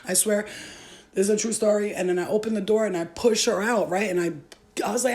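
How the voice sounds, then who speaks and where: A woman's voice: mid-range voice, steady tone, fast talker, darkish tone. A young woman vlogger telling a story in a blunt, profane way and laughing often. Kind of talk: storytime vlog.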